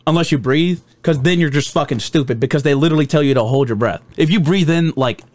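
A man's voice: a little high, fast talker, a little mellow, no echo. A young man chatting casually on a podcast, swearing a lot and laughing as he acts out his drill instructors. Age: young adult. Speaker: podcast guest telling boot camp stories.

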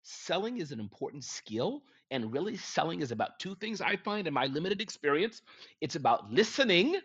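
Energetic man giving business advice. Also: fairly high pitch, a little fast, slightly rough. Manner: energetic, emphatic, lively delivery. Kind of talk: motivational talk. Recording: dull lo-fi sound.

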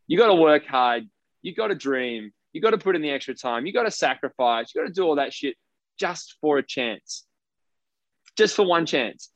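A man's voice: a little high, expressive, moderate pace, dry recording. An Australian man, a professional basketball player, telling his story in a casual interview, emphatic and blunt, swearing freely. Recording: dry, slightly dull lo-fi sound.

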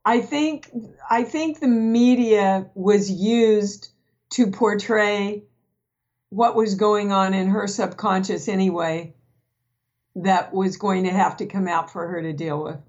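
A frank woman speaks at a middle pitch, telling stories from her own life in a relaxed film chat. The audio is dull and slightly lo-fi, and her way of talking is plain and unguarded. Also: slow. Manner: candid, frank storyteller. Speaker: guest actress. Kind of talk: casual film discussion.

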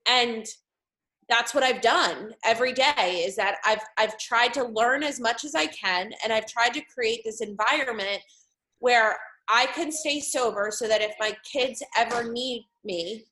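Bright-voiced woman telling her story. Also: fairly high pitch, a little slow. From New Jersey, USA. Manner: open and heartfelt, peppered with "you know". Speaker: guest in recovery, mother. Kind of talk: candid personal storytelling.

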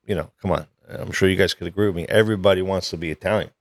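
A man's voice: low voice, steady tone, racing, dry recording, clean studio sound. A man from Long Island, co-hosting a podcast in a casual, agreeable way, often saying right and you know. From Long Island, New York. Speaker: podcast co-host.

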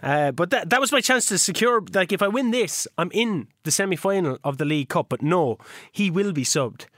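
A man co-hosting a casual podcast, recapping a game season with jokes and lively storytelling. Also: high voice, fairly quick, dry recording, studio quality. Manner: jokey, animated recapping of game moments. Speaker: podcast co-host. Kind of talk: casual chat.

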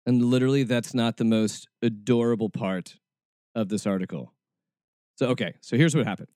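A man hosting a podcast, giving mocking, sarcastic commentary that jumps into high, shrill bursts. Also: steady tone, normal speed, dark tone, no echo, studio quality. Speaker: podcast host. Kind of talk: satirical commentary.

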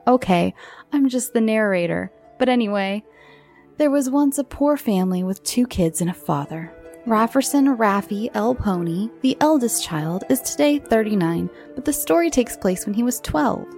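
Slow woman reading kids' stories. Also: mid-range voice. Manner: slow, expressive storytelling. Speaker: narrator. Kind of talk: reading children's stories aloud.

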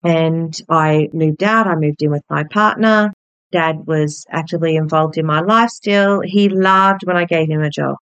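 A blunt, candid Australian woman in her forties recounts a family story in a personal, storytelling way, swearing freely. Her voice sits on the low side. The sound is dry and close, with no room around it. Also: measured pace, fairly bright tone, clean tone, dry recording, dull audio. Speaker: podcast host.

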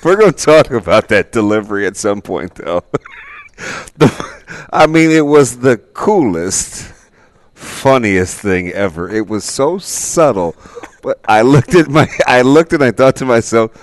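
A man's voice: mid-range voice, lively intonation, a little slow, no room sound. A man co-hosting a morning radio show in casual banter, teasing his partner and laughing often. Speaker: radio co-host.

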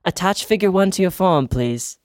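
A podcaster voicing a bright, businesslike young girl with a clipboard in a fan fiction reading. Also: mid-range voice, lively intonation, no echo, studio quality, pitched above the performer's own voice, close to an everyday voice. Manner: brisk and bright.

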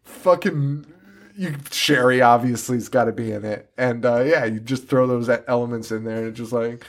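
A young man co-hosting a podcast in casual comedic chat, swearing often, laughing a lot and breaking into shrill mocking impressions. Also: normal speed. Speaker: podcast co-host.

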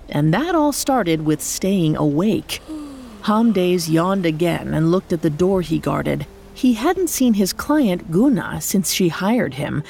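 A woman narrating a scripted horror story in a measured, deliberate way. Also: lowish voice, vocal fry, a little mellow. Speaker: podcast storyteller.

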